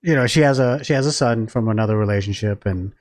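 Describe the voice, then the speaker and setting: A man's voice: lowish voice, quick pace, a little mellow. Laid-back man telling crude stories. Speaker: podcast co-host. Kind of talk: casual chat.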